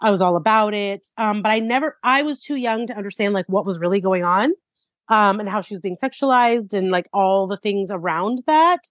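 A woman's voice: medium pitch, brisk, no echo. Woman podcast co-host, slightly sick voice, casual chat, many fillers, dry close sound. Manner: chatty, laughs often, many fillers. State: recovering from a cold, sick voice.

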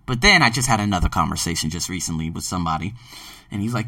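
Male podcast host, emphatic and swearing casually, lively pitch, dry sound. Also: fast, no room sound, recorded from a distance. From Philadelphia, US. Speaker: podcast host and ESL teacher. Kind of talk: casual monologue.

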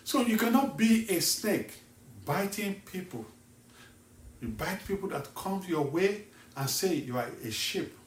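A male evangelist from Nigeria preaching a sermon slowly and emphatically, asking the listener pointed questions. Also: high voice, sing-song, recorded from a distance, slight background noise. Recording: echoey room, voice set back from the mic.

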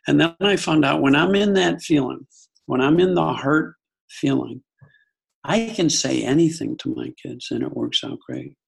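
A man's voice: medium pitch, gravelly, breathy edge. A middle-aged man, a guest, telling a personal story in an earnest, reflective conversational way, often restarting his sentences.

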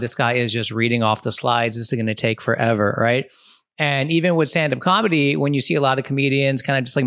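Thirtysomething comedian guy rambling casually, lots of "like" and "right?", mid pitch, dry close sound. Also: a bit bright, no echo. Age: 30s. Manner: chatty, full of "like", "you know" and "right?". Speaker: comedian and podcast host. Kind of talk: casual advice monologue.

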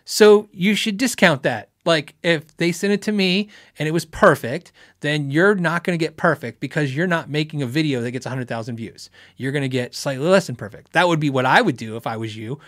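A man's voice: a little high, fairly quick, hardly any pauses, fairly bright tone, dry recording, clean studio sound. A man hosting a live guitar show, chatting casually with viewers, rambling and laughing as he acts out quotes. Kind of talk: casual live-stream chat answering viewer questions.

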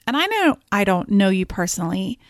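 A woman in her thirties hosting a solo podcast. She tells stories in an animated way and often laughs. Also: mid-range voice, a little fast, no room sound, clean studio sound. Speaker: podcast host and business coach. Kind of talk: casual solo podcast talk.

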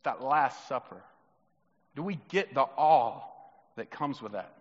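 In a church sanctuary, a pastor with a medium-pitched voice and lively intonation preaches unhurriedly, swinging from loud, emphatic questions to soft, hushed reflection. He acts out the voices of Jesus, children and himself, and the sound is muffled with long hall reverb.

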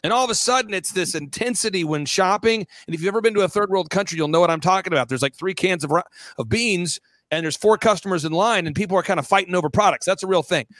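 A high-voiced man in his forties speaks as an interview guest in a dry, close recording. He is rapid and emphatic, packing his points with quips and little acted-out scenes. His energy stays pushed forward throughout. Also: a bit bright, dry recording. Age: 40s. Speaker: guest commentator. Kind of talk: animated interview talk.

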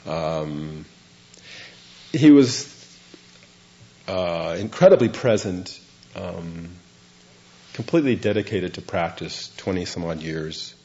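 An older man, a Zen monk, recounting a memory in a loose, rambling way. His voice is low and mellow, and it swings widely in pitch as he gets into the story. The recording sounds dull and lo-fi. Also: animated, slow, long pauses. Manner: rambling, self-deprecating, laughs through funny parts. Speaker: Zen monk giving a dharma talk. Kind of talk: storytelling talk.

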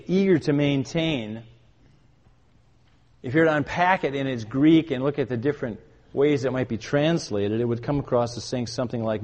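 Older male preacher in a reverberant hall. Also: mid-range voice. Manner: emphatic, building to loud urgent commands; asks the congregation questions. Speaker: pastor. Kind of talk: sermon.

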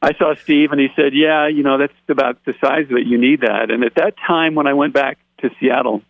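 Male guest, gravelly mid-pitched voice, animated storyteller who voices the people he quotes; tinny dry phone line. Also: a little fast, dry recording. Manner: animated, acts out quoted dialogue. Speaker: interview guest. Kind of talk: personal testimony storytelling.

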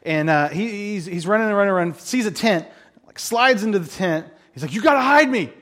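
A man, a pastor, preaching a casual sermon full of jokes, chatty and self-interrupting, acting out quick voices for laughs. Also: high-pitched, fairly bright tone.

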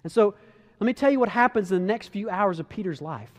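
A man preaching a casual, animated sermon, telling a story and acting out the voices. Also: high voice, fast, big-room sound. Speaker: pastor.

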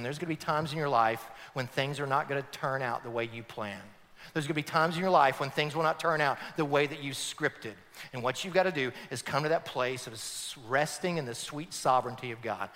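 A man preaching a sermon with animated emphasis, addressing the congregation. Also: fairly high pitch. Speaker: pastor. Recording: long reverb of a large hall.

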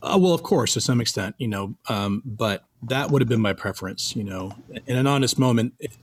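A man's voice: medium pitch, fairly quick, breathy edge. A middle-aged man from Canada, a film composer, telling stories from his career in a casual interview and acting out the lines of the people in them. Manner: animated, acts out quoted dialogue.

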